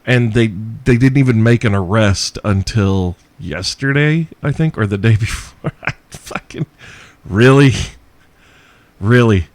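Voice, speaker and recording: A man's voice: fairly low pitch, a little slow, no room sound. A man hosting a solo podcast, answering listener questions in a profane, sarcastic ranting manner. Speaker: podcast host.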